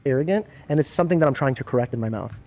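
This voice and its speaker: A man's voice: mid-range voice, rapid-fire. A man on a podcast telling a story with conviction and acting out the lines of the people in it. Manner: animated storyteller who acts out quoted dialogue.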